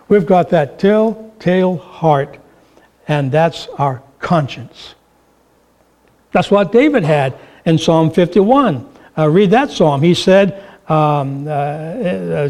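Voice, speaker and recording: High-voiced man preaching a sermon. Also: darkish tone. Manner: storytelling, acting out quoted voices.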